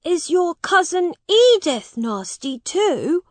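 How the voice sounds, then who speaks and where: A woman voicing a young boy prince in a storybook reading, speaking high, loud and imperious. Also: big pitch swings, slow, no room sound, full character voice.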